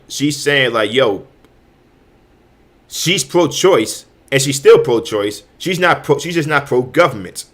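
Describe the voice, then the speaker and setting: A man's voice: medium pitch, a bit bright. Heated stammering man ranting. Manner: heated, repetitive, stammering restarts with frequent profanity. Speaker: host. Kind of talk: ranting commentary.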